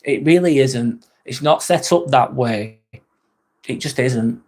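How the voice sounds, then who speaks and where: Slow and slightly dark in tone, this mid-range male voice belongs to a man in his forties doing a casual live stream. He goes on chatty tangents as he reads and replies to comments from viewers, dropping the occasional mild swear.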